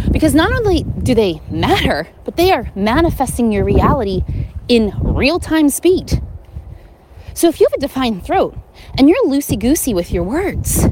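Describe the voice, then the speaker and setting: Lively earnest woman giving a motivational talk. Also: fairly high pitch, background noise. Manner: earnest, emphatic, repeats words for stress.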